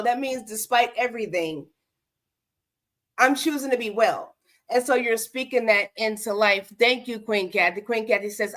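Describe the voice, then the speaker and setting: A woman's voice: a little high, normal speed, a bit bright. Woman host, casual livestream chat, speaks straight to her viewers. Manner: addresses viewers directly, keeps asking "okay?".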